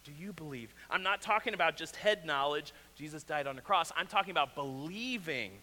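Earnest Missouri pastor in a ringing hall. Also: male voice, on the high side, a little fast. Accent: Southwest Missouri. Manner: earnest, repeats questions, drops to quiet emphasis. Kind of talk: sermon. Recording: reverberant hall, faint hum.

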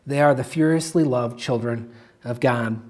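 Measured man preaching, hushed on key phrases. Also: medium pitch. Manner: measured storytelling that slows and softens to a hush on key phrases. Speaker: pastor. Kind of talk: sermon with a read-aloud story.

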